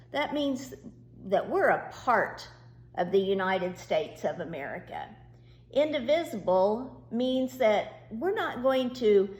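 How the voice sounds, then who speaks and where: A woman teacher talks slowly and patiently, explaining things step by step for young children. Her voice is mid-pitched. It rings in an echoey room. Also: a little mellow. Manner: slow, patient, reassuring explanations. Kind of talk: virtual class lesson to young students.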